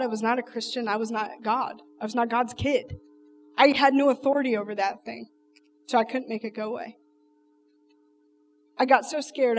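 A woman's voice: a little high, distant mic. A woman telling an emotional personal testimony, earnest and emphatic, speaking straight to the audience.

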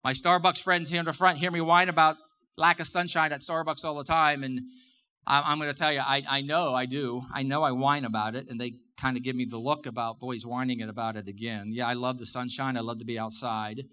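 Bright-voiced middle-aged man preaching. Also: steady tone, a little fast. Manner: conversational preaching, repeats phrases, rises in pitch for emphasis. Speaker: pastor. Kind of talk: sermon. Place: church.

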